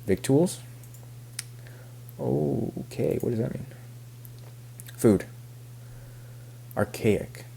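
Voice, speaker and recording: A man's voice: medium pitch, extremely slow, creaky, pauses often, dark tone, a little hiss or hum. A young man reading a novel aloud and stopping to puzzle over words, muttering, cursing and dropping into whispers. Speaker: reader.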